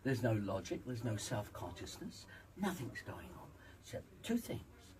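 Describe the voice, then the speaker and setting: Male vocal coach, emphatic, lively delivery, slightly off-mic. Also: medium pitch, measured pace, distant mic, noisy background. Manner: emphatic, demonstrates vocal sounds. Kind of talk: interview, teaching voice exercises.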